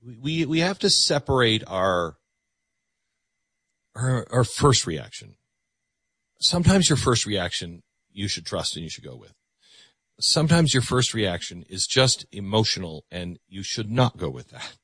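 A man hosting a call-in radio show from a dry studio, his low, husky voice swinging lively up and down. He talks in an earnest, reflective way, often stammering and restarting. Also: unhurried, long pauses, no echo. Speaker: radio talk show host.

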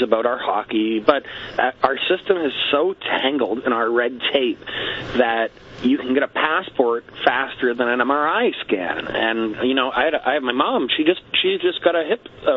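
A man's voice: medium pitch, phone-quality sound, slight background noise. A Canadian man giving a tongue-in-cheek radio interview, wry and full of stock phrases like "quite frankly". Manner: wry, repeats "let's be honest" and "quite frankly". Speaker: guest with a satirical platform.

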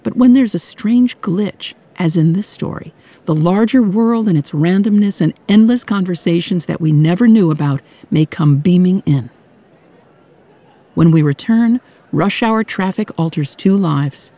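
A woman radio host giving scripted narration in a calm, reflective way. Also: fairly low pitch, a little slow.

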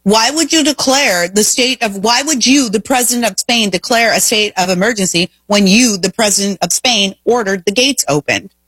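Fired-up husky woman talk host. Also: mid-range voice, normal speed, hardly any pauses, a bit bright, dry recording. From Indiana, US. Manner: emphatic, fired-up, piles on rhetorical questions. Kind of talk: opinionated talk radio monologue.

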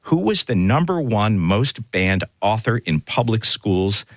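Male talk radio host, deep voice, quick jokey banter, dry studio sound. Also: very animated, dry recording. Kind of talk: hosting a news roundup.

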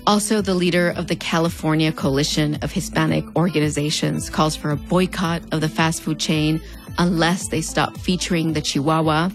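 A woman's voice: steady tone, normal speed, faint music behind. A woman in her thirties with a Mexican American border accent, hosting scripted pop-culture commentary in a wry, conversational way. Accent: Mexican American border (fronterizo). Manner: conversational and wry, with playful pitch swings. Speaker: host.

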